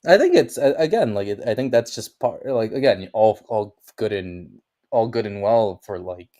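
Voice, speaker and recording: Rambling young man with a lowish voice. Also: lively intonation, moderate pace, mellow. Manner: rambling, heavy use of "like" and restarts. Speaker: podcast guest. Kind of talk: casual chat.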